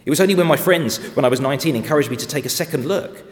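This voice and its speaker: A man preaching a sermon from a church pulpit, emphatic, swinging between quiet reflection and loud, pointed stresses. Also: fairly high pitch, very fast. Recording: long church hall reverb.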